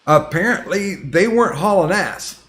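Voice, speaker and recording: A man's voice: sits high, animated, normal speed, fairly bright tone. A man hosting a casual podcast, retelling a story in a heated, profane way with lots of restarts. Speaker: podcast host.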